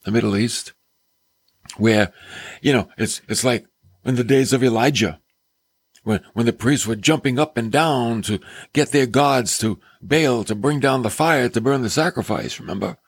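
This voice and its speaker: Husky earnest male preacher. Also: medium pitch, moderate pace, no room sound. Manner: earnest, exclamatory, drops to soft near-whispers. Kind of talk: sermon.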